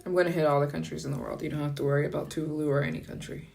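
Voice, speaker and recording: A woman chatting casually on a live stream, upbeat and playful with quick asides. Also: low voice, level tone, creaky, a little mellow. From United States. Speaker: travel vlogger. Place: France.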